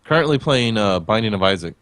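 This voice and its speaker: A man's voice: lowish voice, lively intonation, quick pace, a bit bright, no echo. A man co-hosting a gaming podcast, chatting casually and bluntly, swearing freely. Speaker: podcast co-host.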